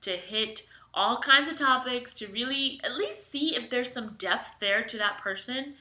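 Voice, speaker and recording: A woman's voice: fairly high pitch, measured pace, bright, forceful tone, echoey room. A woman co-hosting a casual podcast, giving earnest dating advice and often agreeing. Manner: earnest, agreeable advice with many affirming responses. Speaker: podcast co-host. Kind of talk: casual chat.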